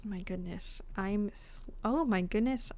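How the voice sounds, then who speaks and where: A woman's voice: mid-range voice, a little slow, a little mellow, slight background noise. A woman streamer chatting casually and giggling while playing a game, self-mocking and talkative. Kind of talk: casual gaming stream commentary.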